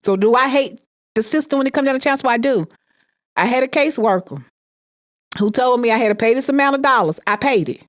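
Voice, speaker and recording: A woman's voice: a little high, expressive, fast talker. A woman telling a personal story with emphatic repetition, acting out the people she quotes. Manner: emphatic, repeats phrases, acts out quoted voices.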